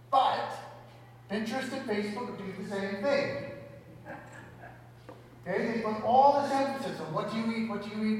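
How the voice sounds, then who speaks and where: A pastor with a high-sitting, slightly bright voice preaches at a normal speed, pausing often, talking conversationally and posing rhetorical questions. The distant mic in an echoey hall picks up slight background noise.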